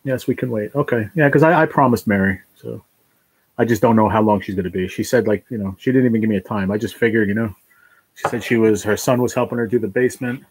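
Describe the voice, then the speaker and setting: A man talking to his livestream viewers, halting and emotional, choked up with tears of joy. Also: fairly low pitch, breathy edge, dry recording, rough recording. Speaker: livestream host.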